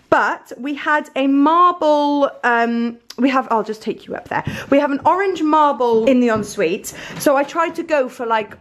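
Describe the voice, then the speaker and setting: Woman vlogger, rambling and giggly, high-ish voice, filming herself at home on a handheld camera. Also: fairly bright tone. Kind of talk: casual home vlog chat. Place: home, indoors.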